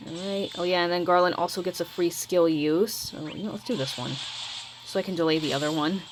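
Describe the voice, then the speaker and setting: Low-voiced woman rambling through gameplay. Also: fairly quick, background noise. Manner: rambling, hesitant, self-admittedly mumbling. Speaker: mobile game video creator. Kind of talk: casual gameplay commentary.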